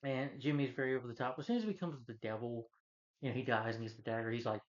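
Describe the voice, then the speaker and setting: A man talking through a movie review in a loose, rambling rant, heavy on fillers, restarts and swearing. His voice sits at a middle pitch. The recording is a little dull and lo-fi. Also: quick pace. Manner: rambling, casual and profane, with many fillers. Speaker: film reviewer.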